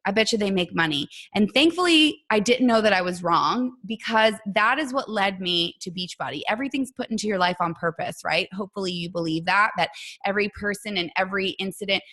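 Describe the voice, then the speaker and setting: A middle-aged woman fitness coach gives a motivational talk to her team. She is chatty and warm in how she tells her story. She acts out other people's words as she goes. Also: mid-range voice, fairly quick.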